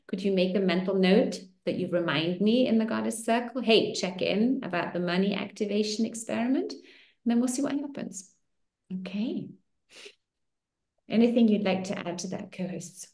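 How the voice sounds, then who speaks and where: A woman hosting an online circle, coaching listeners warmly through affirmations with animated, encouraging delivery. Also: medium pitch, moderate pace, reverberant. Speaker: host of a women's money circle. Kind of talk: coaching talk to an online group.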